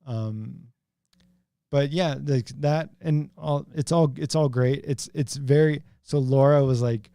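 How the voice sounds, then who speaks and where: A man co-hosting a podcast, chatting excitedly about a movie he saw, halting with many restarts. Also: medium pitch, gravelly, clear, resonant tone, no echo. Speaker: podcast co-host. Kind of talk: casual chat.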